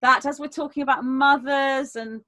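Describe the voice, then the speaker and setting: High-voiced woman telling a personal story. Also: moderate pace, no room sound. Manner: earnest, animated retelling with many restarts. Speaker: round table guest. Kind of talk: personal storytelling in an online panel.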